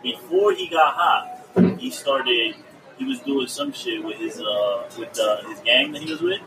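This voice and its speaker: Profane male co-host, lively pitch, distant room sound. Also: a little slow, vocal fry, music in the background. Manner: slangy, profane, storytelling. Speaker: podcast co-host. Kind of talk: casual interview chat. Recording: distant mic with room noise.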